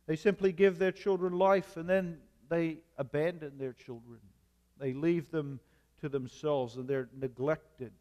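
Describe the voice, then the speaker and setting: A man preaching a sermon as a pastor, measured, with emphatic repetition. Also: a little high, big-room sound.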